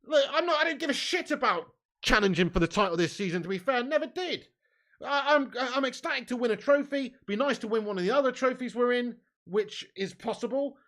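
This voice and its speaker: A man hosting a live football watch-along, excitable and sweary, swinging from low grumbling to loud shouting. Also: fairly quick. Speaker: fan watch-along host.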